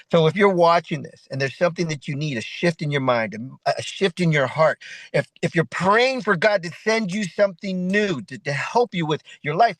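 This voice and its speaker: High-voiced motivational man, dry sound. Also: a bit bright, no room sound, poor audio. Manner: repetitive, preachy, full of 'right?' asides. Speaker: event host and speaker. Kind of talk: motivational talk.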